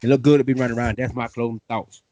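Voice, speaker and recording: Excitable man, dry close sound. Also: medium pitch, racing, dry recording, dull audio. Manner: excitable, playful, Southern slang. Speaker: host. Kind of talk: fan sports podcast talk.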